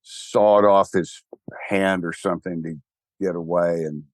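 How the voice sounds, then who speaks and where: Older man, Texan accent, rambling, wry, animated, dry close sound. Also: deep voice, measured pace, no room sound. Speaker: interview guest, church founder. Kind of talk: casual conversational interview.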